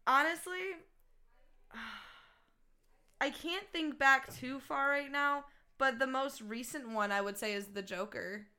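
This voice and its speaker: A woman's voice: sits high, slow, sharp tone, smooth. A woman in her early twenties chatting loosely as a podcast co-host, laughing easily and swearing casually. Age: 20s. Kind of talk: casual chat.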